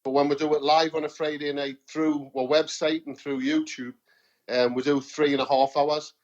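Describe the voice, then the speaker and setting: Lively Geordie man, slightly high voice. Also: moderate pace, muffled recording. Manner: animated storyteller, repeats words, says "you know what I mean". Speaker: podcast guest, singer-songwriter. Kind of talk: casual podcast chat.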